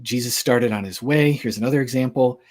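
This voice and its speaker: A man's voice: mid-range voice, brisk, darkish tone. A man giving a casual lecture on Christian apologetics in a conversational, joking way, with lots of filler words.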